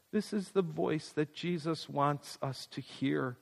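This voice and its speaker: A man delivering a reflective devotional reading in a slow, earnest and tender way. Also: a little high, gravelly, long reverb tail. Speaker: preacher.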